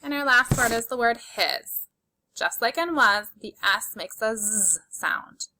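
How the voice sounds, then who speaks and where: A woman's voice: a little high, animated, measured pace, noisy background. A woman teaching a spelling lesson to young children, patiently sounding out letters and praising their work. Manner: encouraging and praising.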